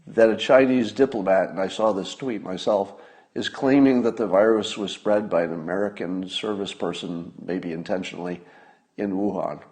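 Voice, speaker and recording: A man in his sixties hosting a casual livestream, talking wryly and conversationally, with sudden emphatic rises and low mutters. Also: normal speed. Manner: conversational, wry, drifts between loud emphasis and mutters. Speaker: podcast host.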